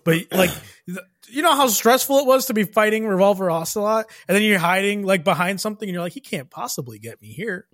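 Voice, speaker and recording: A man on a podcast tells his stories with energy, slipping into little acted-out quotes and laughing along. His voice sits a bit high. It sounds dry and close to the mic. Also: quick pace, no room sound. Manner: animated storyteller, acts out quotes, laughs a lot. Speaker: podcast co-host. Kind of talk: casual podcast banter.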